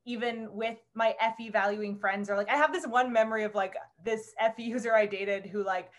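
Brief: woman host, casual chat, slightly high voice, animated storytelling, filler-heavy. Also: brisk. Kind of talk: casual conversation.

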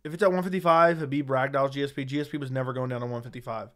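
A man's voice: mid-range voice, fairly even intonation, very fast, a bit bright. A man hosting a casual livestream, reading viewer chat aloud and giving blunt, sarcastic, slangy replies into a studio microphone.

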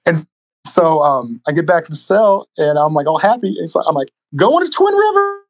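A man telling stories casually on a podcast as a guest, animated and profane, acting out the people in his stories. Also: on the high side, normal speed. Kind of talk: casual storytelling.

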